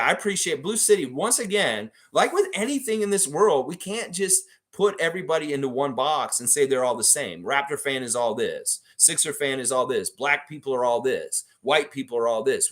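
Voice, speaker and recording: Hosting a casual live chat, a man reads comments from viewers in a sing-song, mid-range voice that's a bit bright. He speaks at a moderate pace with hardly any pauses, thinking aloud, rambling, and frequently starting over.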